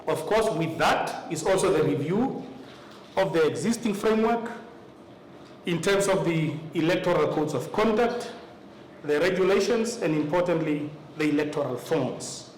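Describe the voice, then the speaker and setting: A Namibian man presenting to party representatives at a formal meeting, measured and deliberate, pausing often on "uh". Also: fairly high pitch, lively intonation. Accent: Namibian English. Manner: measured, deliberate delivery with frequent "uh" pauses. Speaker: electoral commission official presenting to party representatives. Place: meeting room. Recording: echoey room, faint ambient noise.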